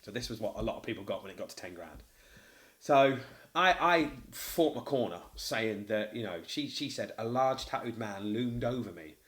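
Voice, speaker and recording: A man with a Mancunian accent, a tattoo studio owner, telling a story in casual podcast chat, blunt and animated, swearing freely. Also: on the low side, moderate pace. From Manchester, England.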